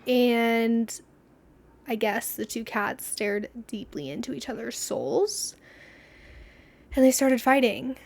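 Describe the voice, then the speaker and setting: A young podcast host tells rambling, casual stories, laughing a lot and acting out what people said. Her voice is high-ish, creaky and a little mellow, fairly even in intonation, and she takes it slowly with frequent pauses.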